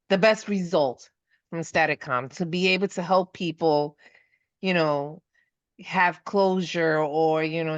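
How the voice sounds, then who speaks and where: A woman, a guest on a podcast, speaking hesitantly with many fillers, warming into enthusiasm. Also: low voice, clear, resonant tone, no echo. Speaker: guest paranormal investigator. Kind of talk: casual podcast chat. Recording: muffled lo-fi audio.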